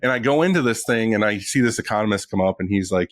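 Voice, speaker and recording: A man in casual podcast chat, telling a story with a lot of swearing and animated outbursts. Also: fairly low pitch, fast, hardly any pauses, no echo. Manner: animated, profane, ranting storyteller. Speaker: podcast guest.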